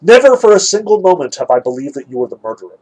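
Guy reading a young man blurting out his belief, trembling and earnest, husky soft voice. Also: on the high side, sing-song, quick pace, voice pushed up, rough recording. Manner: sudden earnest outburst.

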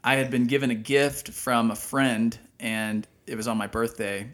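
A man co-hosting a faith podcast, speaking in a reflective, conversational, measured way. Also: medium pitch, flat delivery. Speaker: podcast co-host. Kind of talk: casual conversation.

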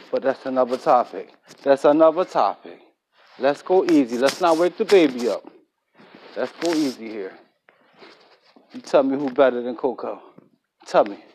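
A man's voice: mid-range voice, darkish tone, a little hiss or hum, rough recording. Sex: man. Role: slangy, boastful podcast host. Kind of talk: casual solo podcast monologue. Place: at work while recording.

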